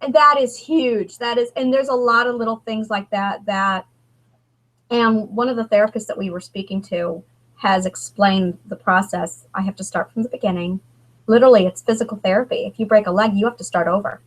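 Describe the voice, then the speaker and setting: A woman in her thirties speaks as a guest author in a candid conversation. She halts and restarts often as she talks. Her pitch sits in the middle range. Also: rough recording. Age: 30s. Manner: halting, emotional, many restarts.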